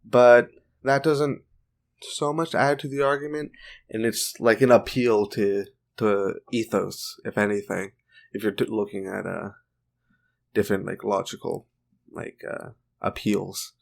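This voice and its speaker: A man's voice: fairly low pitch, fairly even intonation, a little slow, vocal fry. A man giving a casual opinion monologue for a video, informal and chatty with joking side remarks. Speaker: video commentator.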